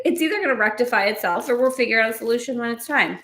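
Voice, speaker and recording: A middle-aged woman hosting a casual spiritual live chat, repeating gentle affirmations and laughing often. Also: a little high, very fast, few pauses, echoey room. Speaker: host.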